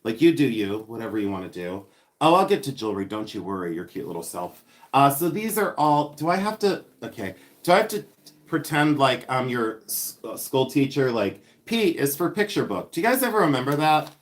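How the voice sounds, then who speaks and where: A man talks his way through a vintage unboxing on a livestream, chatty and easily distracted. His voice sits at an ordinary middle pitch, and he breaks off often to greet viewers and read their comments aloud. He rambles loosely from one find to the next. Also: sing-song, a little fast. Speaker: livestream host selling vintage finds. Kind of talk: casual livestream chat.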